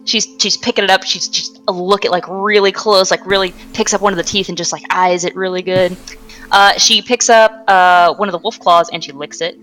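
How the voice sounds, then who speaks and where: A woman's voice: on the low side, fairly even intonation, fairly quick, fairly bright tone, soft background music. A woman narrating a tabletop game as game master, chatty and loose, with many ums and restarts.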